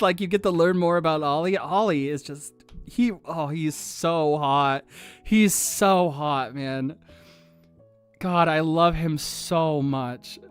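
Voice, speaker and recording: A streamer chatting casually on a livestream, gushing excitedly and swearing freely, with faint music behind. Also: mid-range voice.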